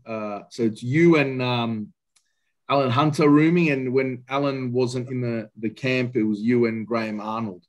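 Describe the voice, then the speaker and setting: Male interviewer, mid-pitched, hesitant and halting. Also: darkish tone. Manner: halting, with many fillers and restarts. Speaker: podcast host and interviewer. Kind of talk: interview questions.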